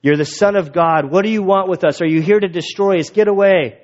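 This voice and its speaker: A man's voice: sits high, brisk, pitched above the performer's own voice, lightly acted. A man voicing a frantic male demon who cries out in panic, in a dull lo-fi recording. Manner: panicked, pleading, loud.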